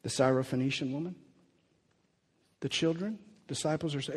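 Animated man preaching in an echoing hall. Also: a little high, moderate pace, pauses often, slightly rough. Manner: animated, acts out quoted voices. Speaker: pastor. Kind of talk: sermon. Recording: long reverb of a hall.

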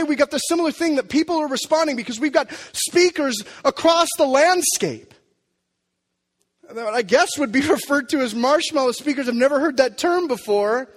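Man, pastor, sermon, high voice, emphatic, long hall echo. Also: normal speed. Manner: animated, emphatic preaching with dramatic drops to quiet.

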